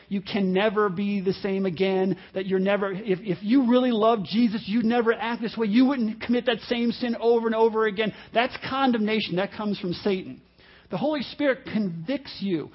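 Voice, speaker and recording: A man's voice: high-pitched, husky. A man preaching a sermon in an earnest way, repeating phrases and acting out quoted voices. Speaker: pastor. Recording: dull lo-fi audio.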